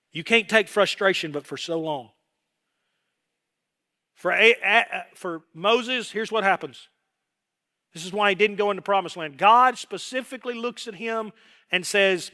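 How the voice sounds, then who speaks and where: A middle-aged man preaching a sermon as pastor, animated, acting out voices and quotes as he goes. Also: high-pitched. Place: worship hall.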